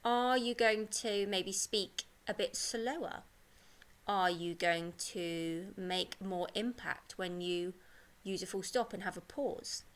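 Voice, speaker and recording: An upbeat woman teacher addressing a class of young children in a pre-recorded lesson. Her voice sits at a middling pitch, and she explains things clearly and warmly encouraging each step. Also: slow. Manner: bright, encouraging, speaks clearly to young pupils. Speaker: primary school teacher.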